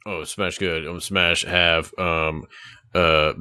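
A dim, hearty barbarian, played by a man at the game table, low in pitch and slow in speech. He speaks broken English and refers to himself in the third person. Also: little pitch movement, sharp tone, smooth, dry recording, studio quality, full character voice. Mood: content.

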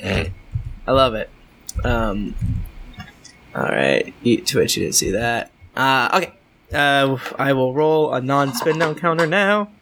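A man's voice: mid-range voice, expressive, takes it slowly, long pauses, a bit bright. A man narrating as game master in a tabletop game, rambling with lots of filler and chuckles.

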